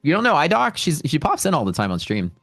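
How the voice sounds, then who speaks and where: A man's voice: on the high side, wildly swooping pitch, quick pace, a bit bright, no echo, soft background music. A man hosting a livestream from home, rambling in casual chat and answering viewer questions. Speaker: livestream host and futures trader.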